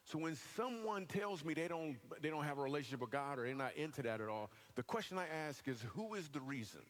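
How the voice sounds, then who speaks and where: A man's voice: fairly high pitch, lively intonation, fairly quick. A man from Michigan, a comedian, telling a funny personal testimony to a church audience and acting out other people's voices. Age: adult. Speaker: comedian and guest speaker. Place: church hall with a live audience.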